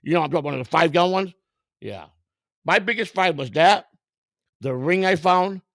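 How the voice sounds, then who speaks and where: A man's voice: sits high, animated, fairly quick, fairly bright tone, dry recording, studio quality. A middle-aged man hosting a vlog, giving casual, rambling, profane commentary in a streetwise way. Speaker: vlog host browsing storage auctions.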